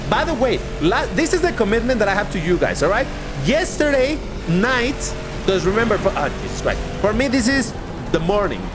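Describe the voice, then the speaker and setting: A man with a light Mexican accent, chatting casually and excitably while livestreaming a racing game. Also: sits high, over music. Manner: chatty, excitable, quick to laugh. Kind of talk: casual live commentary while gaming.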